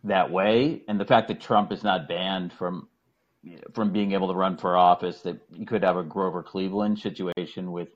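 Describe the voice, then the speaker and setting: Boston man calling in, low voice. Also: lo-fi sound. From Boston area. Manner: rambling, restarts often. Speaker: caller. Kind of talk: casual call-in podcast chat.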